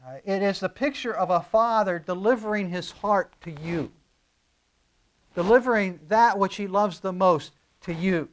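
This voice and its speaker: A man's voice: sits high, measured pace. A man preaching a verse-by-verse sermon, earnest and teaching, pushing key phrases with emphatic rises and using frequent fillers. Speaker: pastor.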